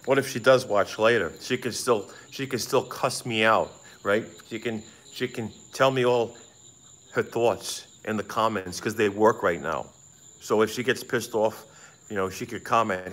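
A middle-aged man live-streaming outdoors at night by a pond on a phone, rambling, excitable and swearing freely while sweating in the heat. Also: on the low side, measured pace. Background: frogs and insects chirping.

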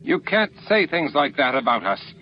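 A man voicing an indignant alien official who yells in outrage, on a lo-fi recording with faint hiss. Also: sits high, slow pace, voice pushed up. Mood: outraged. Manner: yelling, outraged.

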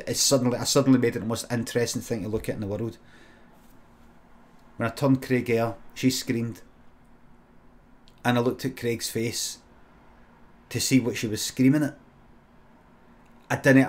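A Scottish man spinning an improvised comic story from a home streaming setup. His delivery is deadpan and full of swearing, with sudden loud shouted bits, at a pitch that sits in the middle for a man.

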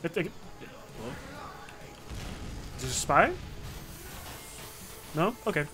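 A young man giving excitable, swearing, self-mocking commentary while he plays a game. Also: sits high, a little slow, long pauses, over music. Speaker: gamer. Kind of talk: casual gameplay commentary.

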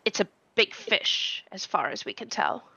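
A woman voicing a brisk, hospitable human fisherwoman of a small fantasy village. She bustles and fusses over her guests. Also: medium pitch, animated, vocal fry, pushed and bright, husky, dry recording, muffled recording, full character voice. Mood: worried. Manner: fussy, hurried, welcoming.

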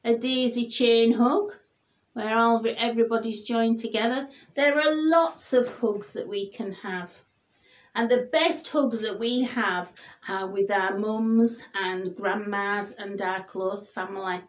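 A woman reading a children's picture book aloud in a gentle, expressive storybook voice. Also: fairly high pitch, takes it slowly.

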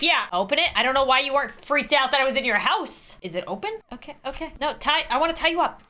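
A young woman narrates her gameplay in an excitable let's play style, chatting to the people in the game and yelping. Her voice sits high and swings widely, with a bright, sharp edge. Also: fast, hardly any pauses, a little hiss or hum. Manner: excitable, yelps and laughs, chats to game characters. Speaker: gaming video creator.

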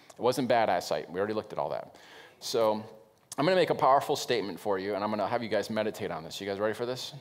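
A middle-aged male pastor preaching a sermon, swinging from loud emphatic bursts to low, quiet asides.

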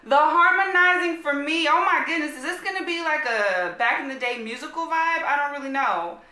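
An American woman hosting a reaction vlog, chatting casually, gushing and excitable with lots of slang. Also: high voice, brisk. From United States. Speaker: reaction video host. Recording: echoey room. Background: faint music playing.

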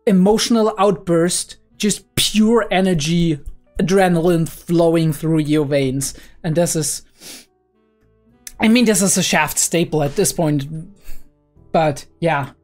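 A young woman hosting a casual anime reaction, talking in an excitable, rambling way and swearing freely. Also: lowish voice, slow, faint music behind. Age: young adult.

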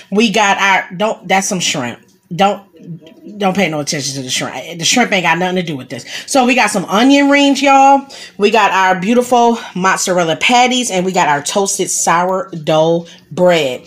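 A woman hosting a casual cooking vlog, chatting playfully to viewers in sing-song rhymes, excitable and unscripted. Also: lowish voice. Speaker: home cook and channel host.

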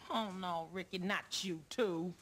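An actress playing a sassy, teasing cashier with quick comebacks in a sitcom, on hissy old TV audio. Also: female voice, on the low side, close to an everyday voice. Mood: pleading. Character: sassy wisecracking working woman, playful. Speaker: store cashier. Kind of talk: sitcom acting.

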